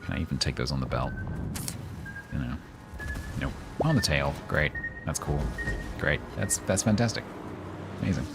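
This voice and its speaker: A man's voice: extremely low pitch, sing-song, normal speed, gravelly, long pauses, loud music behind the voice. A man with a London accent, chatting casually with viewers and reacting sarcastically while streaming a game. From London, England. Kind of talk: casual live gaming stream chat.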